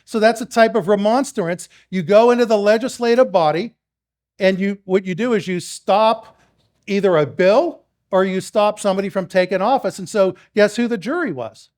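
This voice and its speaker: A man's voice: sits high, moderate pace, a little mellow. A man speaking to a live audience, telling rambling stories, acting out exchanges with others, and putting questions to the crowd. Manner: storytelling, acts out quoted exchanges; rambling with restarts, addresses the crowd. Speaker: speaker at a public meeting.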